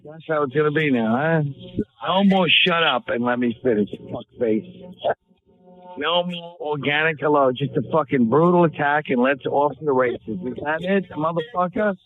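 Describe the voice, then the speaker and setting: A man's voice: fairly high pitch, normal speed. A man appearing as a podcast guest, ranting in a mock-angry, profane way through crude comedic banter. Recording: tinny phone-like audio.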